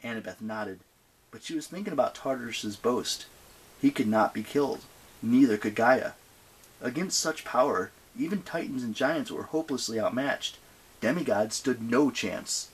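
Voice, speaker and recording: Husky male audiobook narrator. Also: mid-range voice, moderate pace. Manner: expressive reading.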